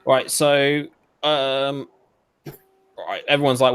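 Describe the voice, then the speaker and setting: A man's voice: a little high, lively intonation, slow pace, pauses often. A British man co-hosting a casual podcast, reading out online comments in a stop-start way with frequent laughs. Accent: British English. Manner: giggly, stop-start reader. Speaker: podcast co-host.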